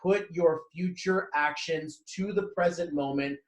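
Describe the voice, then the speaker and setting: A man's voice: a little high, a little slow. Candid thirty-something man, echoey sound. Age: 30s. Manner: candid, swears freely, acts out past conversations; walking while talking. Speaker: motivational vlogger. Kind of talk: personal motivational monologue.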